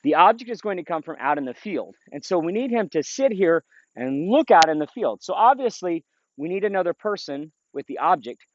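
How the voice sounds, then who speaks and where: Middle-aged dog trainer, man, lively talker with a high-ish voice, dull outdoor recording. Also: fairly quick, a little hiss or hum. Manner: explains plainly, then calls short upbeat commands to the dog. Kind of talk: outdoor training video with commentary. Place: outdoors in a field.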